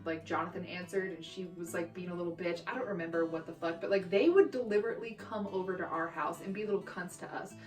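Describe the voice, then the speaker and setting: A young woman from Texas telling childhood stories in a brash, profane, animated way for her vlog. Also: fairly low pitch. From Texas, USA. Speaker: vlogger. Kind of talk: storytime vlog. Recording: roomy echo, distant mic, faint guitar music.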